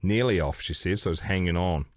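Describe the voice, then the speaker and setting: A man's voice: low-pitched, brisk, no room sound, studio quality. A man co-hosting a casual podcast, reading items aloud and cracking sweary jokes. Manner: joking, sweary, reading out a list with quips. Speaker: podcast co-host.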